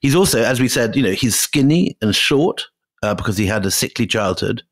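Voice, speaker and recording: A man co-hosting a history podcast, talking through events in a casual, halting way with frequent repeated words. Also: on the low side, lively intonation, no room sound.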